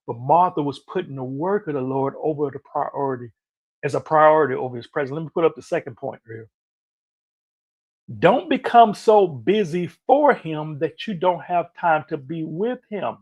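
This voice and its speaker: A man preaching a motivational sermon as a minister, emphatic and animated, with lots of repeated phrases. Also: a little high, slightly rough.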